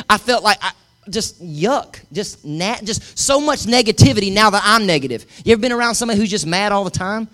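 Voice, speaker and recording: A middle-aged male pastor preaches emphatically, calling on the congregation to repeat after him. His voice sits high and sounds a bit bright.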